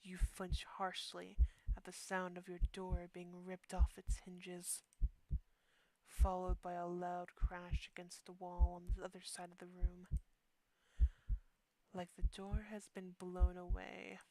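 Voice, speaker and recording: Low, flat-voiced woman reading horror text. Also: dry recording, rough recording. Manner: drops to a hushed near-whisper for tense passages; slow, deliberate reading with breaks into quick asides. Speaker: streamer.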